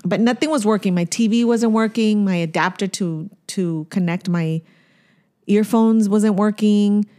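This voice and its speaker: A woman's voice: mid-range voice, measured pace, warm tone. A woman co-hosting a casual podcast chat, telling stories in a loose, rambling way with lots of fillers and restarts. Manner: chatty storyteller, many fillers and restarts. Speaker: podcast co-host.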